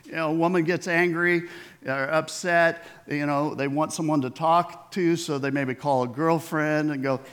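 A middle-aged male pastor delivers a sermon in a voice that sits slightly high for a man. He talks to the congregation like friends, asking them questions and acting out little quoted voices as he goes. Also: steady tone, moderate pace, a bit bright, clear, resonant tone. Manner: conversational preaching with rhetorical questions and quoted voices.

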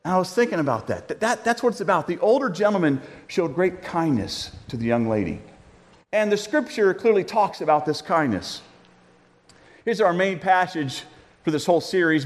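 A man preaching a sermon, telling a story in a conversational, animated way with humorous asides. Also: high-pitched, moderate pace. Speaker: pastor. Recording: long hall reverb.

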